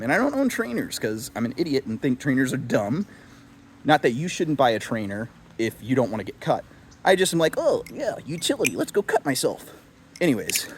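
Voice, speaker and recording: A man's voice: mid-range voice, slight background noise. A young man chatting casually in a video review, rambling with lots of fillers and self-deprecating asides. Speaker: knife reviewer.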